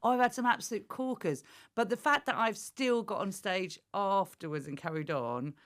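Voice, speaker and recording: A woman in her forties, a comedian guest on a chat podcast, who tells stories in a lively way, laughs often and acts out what people said. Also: mid-range voice, normal speed.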